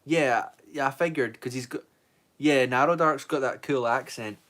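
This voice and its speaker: A young Scottish man talks loosely on a livestream, answering his chat with a rambling, easygoing flow. His voice sits at an ordinary middle pitch for a man. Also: normal speed, fairly bright tone. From Scotland. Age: 20s. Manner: rambling, reads out viewer comments and answers them. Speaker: streamer.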